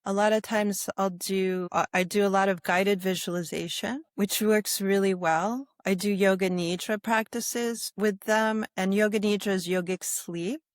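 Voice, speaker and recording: A woman yoga instructor talking in a calm interview, with a soothing, guiding manner and a habit of asking "right?". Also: mid-range voice, a little slow, hardly any pauses, no echo, clean studio sound. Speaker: yoga instructor and sobriety guest. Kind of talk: calm conversational interview talk.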